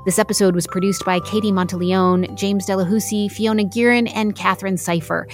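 A woman's voice: medium pitch, fairly quick. Woman host reading credits over music. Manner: even, polished announcer reading. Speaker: radio show host. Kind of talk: scripted closing credits. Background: theme music.

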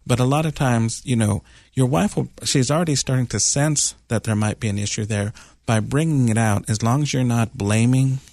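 A man hosting a radio advice show, explaining calmly at length with fillers and restarts. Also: medium pitch, normal speed, hardly any pauses, dry recording, studio quality. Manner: calm, explanatory, rambling with fillers. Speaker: radio advice host, doctor.

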